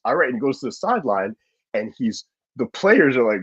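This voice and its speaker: A man's voice: mid-range voice, sing-song, a bit bright, husky. Man arguing hard over a dull call line. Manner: fast, interrupting, acts out quotes. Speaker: panelist. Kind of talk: heated football debate. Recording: dull dry remote call audio.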